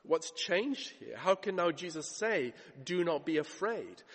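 A man's voice: on the high side, very animated, unhurried, husky. A man preaching a sermon, retelling scripture dramatically and acting out the voices he quotes. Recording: long hall reverb.

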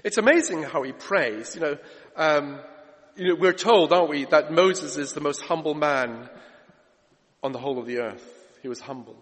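A man preaching a sermon, emphatic, moving between loud urgent lines and hushed ones. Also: a little high, moderate pace. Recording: reverberant hall.

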